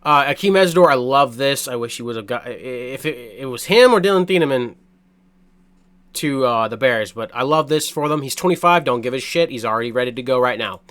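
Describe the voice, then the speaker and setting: A man's voice: medium pitch, fairly quick, clear, resonant tone. A man giving a blunt, profane, rambling reaction to a sports draft as a fan, full of restarts and fillers. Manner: excitable, swears a lot, blunt opinions. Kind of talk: casual sports reaction rant.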